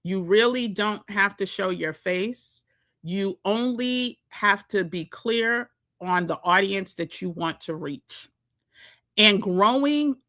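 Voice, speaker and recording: Her voice sits in the mid range, bright and forceful, carrying a New York accent. She's a social media coach chatting casually with vlog viewers, often breaking into laughter.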